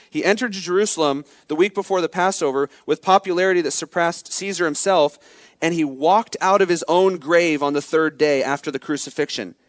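Male pastor, expository preaching, emphatic then hushed, dry close sound. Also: fairly high pitch, dry recording. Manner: emphatic preaching, swings from loud exhortation to quiet intensity. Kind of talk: expository sermon.

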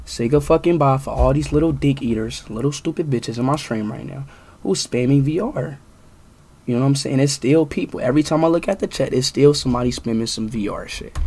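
A young male livestreamer rants at his chat, loud and profane, hammering the same points again and again. His voice sits a little high for a man. It has a husky, slightly rough edge. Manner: loud, profane, repetitive ranting. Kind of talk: angry livestream rant.

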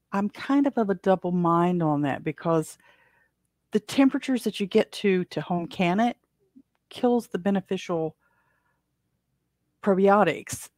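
A woman's voice: medium pitch, a little mellow, dry recording. A woman from the United States hosting her own podcast, chatting casually on her own and rambling with many fillers and restarts. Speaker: podcast host. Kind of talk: casual solo chat.

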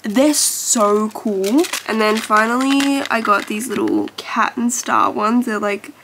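A woman's voice: on the high side, sing-song, takes it slowly, a bit bright, slight background noise. Chatty, gushing young woman vlogger. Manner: chatty and gushing, filler-heavy. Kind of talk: casual vlog chat.

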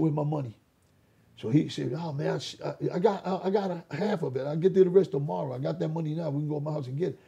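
An older man with a very raspy voice, giving an animated personal testimony as an interview guest, acting out dialogue and restarting his sentences often. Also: on the high side, lo-fi sound. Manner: re-enacts dialogue, repeats words and restarts often. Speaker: interview guest, former gang leader.

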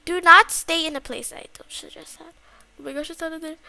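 A woman commenting on her own video game play, excitable and quick to gasp and shriek in fright. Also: very high-pitched, vocal fry. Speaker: gaming channel host. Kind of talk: Roblox gameplay commentary.

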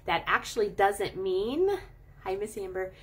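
A woman talking casually to her audience about pets, animated and playful, stretching out words for emphasis. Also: medium pitch, measured pace, slightly rough. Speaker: animal chiropractor and channel host. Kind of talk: casual coaching talk to camera.

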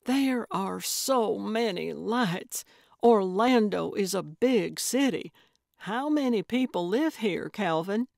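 A woman voicing a spry, nosy elderly female sleuth who asks eager, excitable questions. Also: mid-range voice, slow, vocal fry, no room sound, clean studio sound. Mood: amazed.

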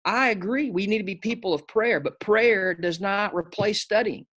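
A man's voice: high-pitched, moderate pace, fairly bright tone. A pastor, a man, talking in an interview with emphatic, preacherly conviction. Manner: emphatic, preacherly, says "listen" often. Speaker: pastor and preaching teacher, guest. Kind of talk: casual interview conversation.

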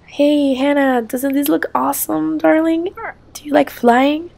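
A woman voicing a cheerful, eager family dad in a toy-play story, sounding a little lower than her own voice. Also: steady tone, a little slow, vocal fry, darkish tone. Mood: caring. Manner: eager and upbeat.

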